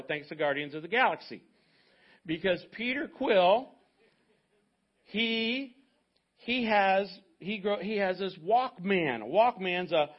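Male pastor, 50s, storytelling sermon delivery with lively asides, slightly high voice, muffled lo-fi recording. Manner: storytelling, animated asides to the congregation.

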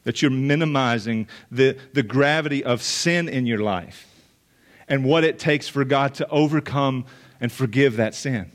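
A man's voice: medium pitch, a little slow. Earnest male pastor preaching a sermon. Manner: earnest, emphatic, repeats phrases for weight. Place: church or meeting room with listeners.

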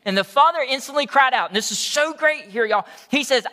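A man's voice: high voice, expressive, normal speed, sharp tone, long reverb tail. A man preaching a sermon as pastor, impassioned, often restarting his words.

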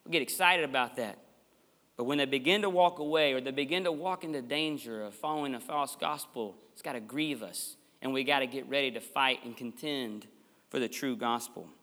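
A man's voice: mid-range voice, fairly quick, bright, forceful tone. A man preaching a sermon as pastor in a church sanctuary, passionate and emphatic, with folksy asides to the congregation. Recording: long echoey church hall reverb.

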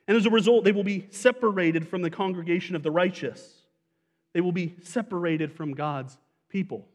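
Pastor, male, slightly higher voice, conversational sermon that puts questions to the listeners, long reverb of a church hall. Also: moderate pace. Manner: conversational preaching, asks the congregation questions.

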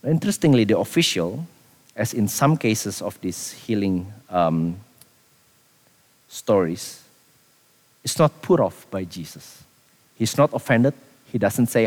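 A man preaching a sermon as a pastor, animated, repeating himself and dropping quiet for emphasis. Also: on the low side, unhurried, long pauses, long reverb tail.

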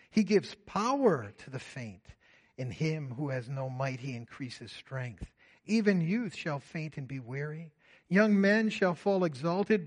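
A man preaching a sermon as pastor, swinging between loud, emphatic declarations and quiet, low asides. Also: breathy edge.

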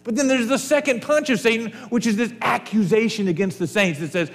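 Man preaching, earnest, higher voice, long hall reverb, faint hum. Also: normal speed, few pauses, faint music behind. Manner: earnest, varies loudness, drops to a whisper at times. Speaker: pastor. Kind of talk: sermon.

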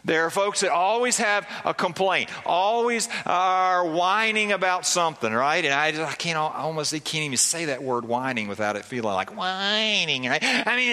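A man's voice: sits high, expressive, measured pace, bright, forceful tone. A man preaching a sermon as a pastor, conversational, often checking in with the congregation with rhetorical questions. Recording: long reverb of a large hall.

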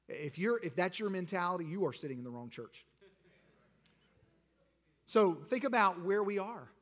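High-voiced preaching pastor, man. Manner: preaching with rising, shouted emphasis and rhetorical questions. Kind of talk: sermon.

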